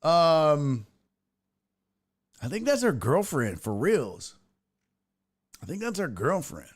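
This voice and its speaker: Male host, a bit high-pitched, crude and jokey, laughs often, casual livestream chat. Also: big pitch swings, slow pace, husky. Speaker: podcast host. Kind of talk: casual livestream chat reading viewer comments.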